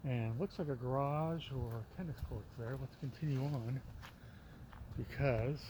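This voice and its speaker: A man's voice: medium pitch, a little slow. A man hosting a casual walking vlog outdoors, telling a story in a rambling way and often correcting himself. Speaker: vlog host. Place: outdoors on a windy street. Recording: outdoor street noise with traffic.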